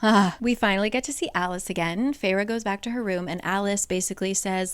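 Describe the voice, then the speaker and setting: A woman's voice: medium pitch, fairly quick, few pauses, smooth, dry recording. A young woman casually retelling a book plot, chatty and full of fillers. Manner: chatty, lots of fillers like "like" and "basically". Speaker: book summarizer.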